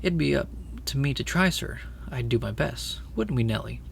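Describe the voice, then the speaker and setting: A man's voice: mid-range voice, expressive, normal speed, creaky, a little hiss or hum. A man voicing a humble, earnest London cabby with a Cockney accent, deferential and plain-spoken. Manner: plain-spoken, deferential, homely turns of phrase. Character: humble middle-aged male London cabby, shy and earnest.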